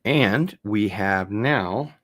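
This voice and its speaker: A man hosting a casual unboxing video, chatting in a relaxed, rambling way and getting excited about vinyl records. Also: on the low side, very slow. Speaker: host.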